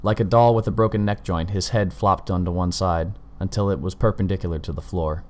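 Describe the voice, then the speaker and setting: A man narrating a story with measured, steady storytelling. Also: low voice.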